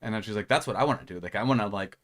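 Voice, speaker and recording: A man's voice: on the low side, very fast, a bit bright. A young man co-hosting a podcast, chatting casually in a rambling way, full of filler words and swearing. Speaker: podcast co-host. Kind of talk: casual chat.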